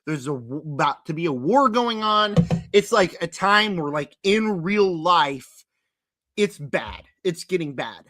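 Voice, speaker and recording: A young man chats through his horror movie rankings in a loose, rambling vlog style, piling on fillers and stressing his points hard. His voice is bright and a touch high, and it cracks now and then as he clears his throat. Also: animated, unhurried. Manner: rambling, filler-heavy, emphatic. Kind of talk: casual vlog commentary.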